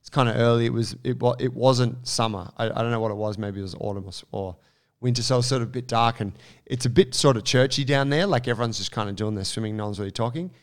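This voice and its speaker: Guy, casual co-host, rambly storyteller, clear smooth tone. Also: medium pitch, fast. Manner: rambling, animated, many fillers and restarts.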